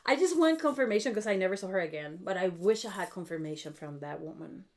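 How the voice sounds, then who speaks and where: A woman's voice: medium pitch, lively intonation, quick pace. A middle-aged woman, talking viewers through a spell in a blunt, chatty way, swearing freely and often checking in with them. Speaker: witchcraft video host. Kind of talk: casual spell tutorial.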